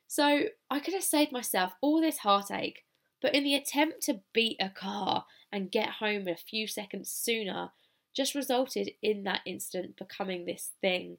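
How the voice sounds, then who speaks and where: A woman's voice: medium pitch, unhurried, creaky, a bit bright. A British woman hosting a solo podcast, telling a personal story in a chatty, casual, self-deprecating way with informal wording. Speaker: podcast host.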